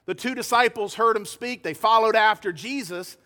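A man's voice: high-pitched, brisk, pushed and bright. A man preaching a sermon as pastor, emphatic and acting out the quoted dialogue. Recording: hall reverb.

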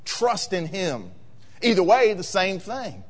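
A man preaching a sermon as pastor, emphatic and rising to loud peaks in a church sanctuary. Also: high-pitched, sing-song, slow pace, husky. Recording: long reverb of a large hall.

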